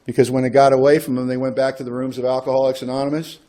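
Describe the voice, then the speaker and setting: A man's voice: mid-range voice, little pitch movement, rapid-fire, mellow. A man speaking at a recovery workshop, telling a personal story in a conversational way and acting out the voices of people he quotes. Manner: conversational, acts out quoted dialogue.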